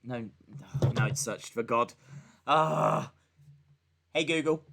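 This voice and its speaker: A man's voice: mid-range voice, slow pace, vocal fry, noisy background. A man hosting a casual live stream, rambling and joking as he reads out viewer messages. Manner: rambling and chatty, with many fillers and restarts; jokey, talking back to viewers and a voice assistant. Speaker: live-stream host reacting to wrestling and reading chat.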